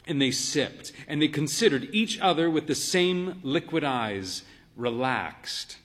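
A man narrates a literary story in a measured, deadpan way, with dry wit. His pitch sits a little high and moves a lot. He paces his lines slowly and deliberately.

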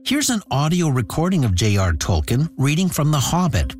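A man's voice: on the high side, big pitch swings, normal speed, over music. A man hosting a radio show, telling stories in scripted, conversational narration. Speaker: radio host.

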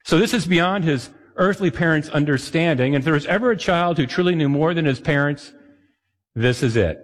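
Speaking fairly quickly in a somewhat high voice, a man preaches a sermon as a pastor. It's recorded with long hall reverb, and his conversational style includes frequent questions to the audience.

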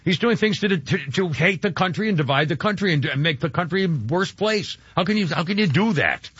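Indignant talk radio host, husky. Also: male voice, high voice, lively intonation, a little fast, a bit bright. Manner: indignant, rambling, filler-heavy. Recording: dull lo-fi radio broadcast.

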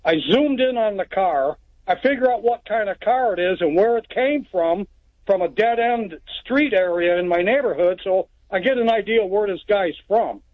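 A man's voice: high voice, animated, moderate pace, no room sound. A man from Texas calling into a radio show, telling a story in a plainspoken, rambling way. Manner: rambling, plainspoken, lots of restarts. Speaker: caller. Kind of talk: phone-in storytelling. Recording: tinny phone line.

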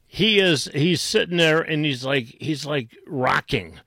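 A male talk radio host in a dead-dry studio, speaking slowly and deliberately. His pitch sits a little high for a man, and his tone is scornful and mocking, full of stops and restarts. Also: gravelly, sharp tone, no echo. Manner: mocking, sarcastic, with many restarts. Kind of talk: combative talk radio commentary.

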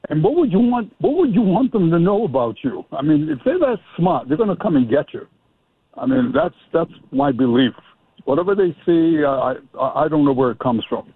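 A man's voice: on the high side, sing-song, brisk, husky, dry recording. A man calling in to a radio show, rambling and hesitant. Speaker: caller. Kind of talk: call-in radio chat. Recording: phone line.

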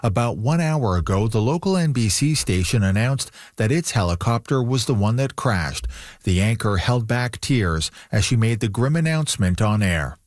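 A man anchoring a radio news bulletin in a measured broadcast delivery. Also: fairly low pitch, lively intonation, dry recording, studio quality. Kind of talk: news reading.

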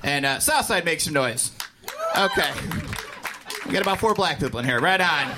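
A man from Indiana doing stand-up, telling a club story with animated delivery and shouted impressions. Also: on the high side, moderate pace, long pauses. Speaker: stand-up comedian. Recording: live club set with crowd noise.

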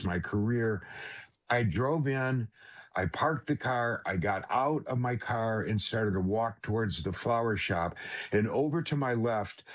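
A man, a guest on an interview show, telling a personal faith story earnestly, with halting restarts and repeated direct address to the host. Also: medium pitch. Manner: halting restarts at emotional moments.

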